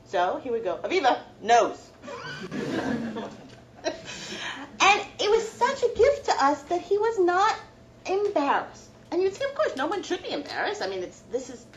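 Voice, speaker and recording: Middle-aged woman, law professor, reflective storytelling lecture, lively up-and-down voice, slightly high. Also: slight background noise, poor audio. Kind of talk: personal lecture to students.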